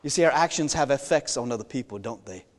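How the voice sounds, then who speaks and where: A man's voice: mid-range voice, expressive, fast. A man preaching a sermon, retelling a Bible story in a folksy way with jokey asides and questions to the congregation. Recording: long reverb in a large hall.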